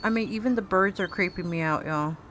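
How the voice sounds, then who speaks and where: A woman's voice: lowish voice, brisk, a bit bright, slight background noise. A woman streaming a horror game, gasping and exclaiming to her viewers as she plays. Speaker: gaming streamer.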